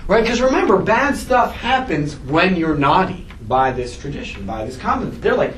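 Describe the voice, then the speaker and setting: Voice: medium pitch, very animated, normal speed, hardly any pauses, fairly bright tone, recorded from a distance, a little hiss or hum. A teacher giving a casual, joking classroom lecture and asking the class questions. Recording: echoey classroom taped from afar.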